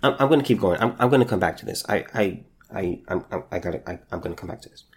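A man hosting a solo podcast, talking in a halting, emotional way, repeating words as he holds back tears. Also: deep voice, expressive, husky. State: close to tears. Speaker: podcast host.

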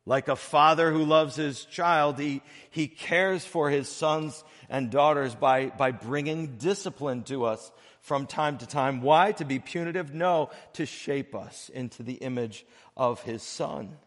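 A man preaching a sermon as pastor of a church, earnest and measured, breaking his phrases with pauses and swinging between soft and loud. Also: on the high side, in a large hall. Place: church sanctuary.

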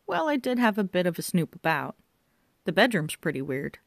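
Woman playing a deadpan young male bobby for an audiobook, dry close sound. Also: high voice, normal speed, gravelly, no echo, full character voice. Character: blunt young male police constable. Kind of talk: audiobook character voice.

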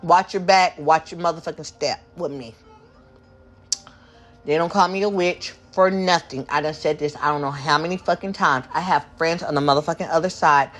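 A woman's voice: low voice, normal speed, fairly bright tone, soft background music. A woman hosting a podcast, delivering an angry, profane, confrontational monologue and mocking others in quoted voices. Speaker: podcast host.

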